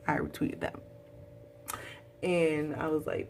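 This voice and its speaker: A young woman, recapping a TV show in a casual, dramatic vlog with high exclaims. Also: a little slow, long pauses, recorded from a distance, slight background noise. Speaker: vlogger.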